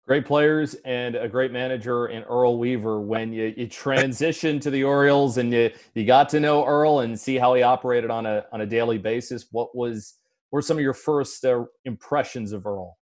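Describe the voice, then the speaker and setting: A man's voice: medium pitch, normal speed. A man hosting an interview, asking thoughtful, leading questions and stumbling a little as he rephrases. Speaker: interviewer, host.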